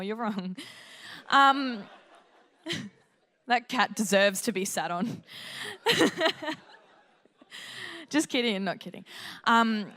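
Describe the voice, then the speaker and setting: A young woman with an Australian accent giving a sermon from a church stage. She talks in a chatty, joking way, often laughs, and breaks into lively quoted asides. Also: on the high side. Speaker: church speaker.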